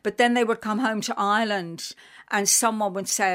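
A woman's voice: mid-range voice, moderate pace. London-accented woman telling her story. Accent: London English. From England. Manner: animated, emotional storytelling with many fillers. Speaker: guest. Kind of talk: casual radio interview chat.

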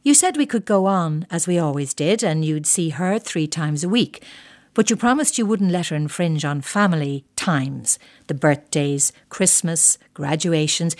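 A middle-aged woman narrates a first-person story at a measured pace. Her voice sits a little low, and her reading is reflective with a quietly bitter edge.

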